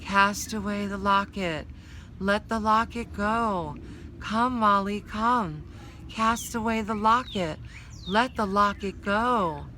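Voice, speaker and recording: A woman reading aloud, voicing a band of cruel fairy folk who croon slowly in a sing-song way. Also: mid-range voice, sharp tone, slight background noise, pitched above the performer's own voice.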